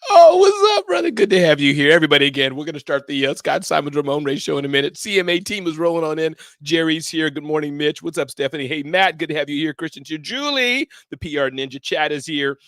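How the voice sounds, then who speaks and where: A man hosting a live online talk show, greeting listeners by name with energetic, playful shout-outs. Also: on the high side, fast, hardly any pauses, no room sound, clean studio sound. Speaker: host.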